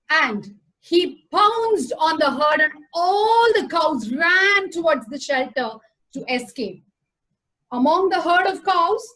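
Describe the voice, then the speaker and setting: A woman narrates a folk tale in a slow, deliberate, expressive manner. Her voice is high-pitched, and she takes her time with every phrase. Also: poor audio. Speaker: storyteller. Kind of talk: storytelling narration.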